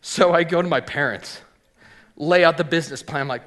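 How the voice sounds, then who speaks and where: A middle-aged man who owns a hat shop, telling his personal story as an animated storyteller, acting out the voices of people he quotes and often saying um and like. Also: on the high side, a little fast. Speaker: hat maker and shop owner.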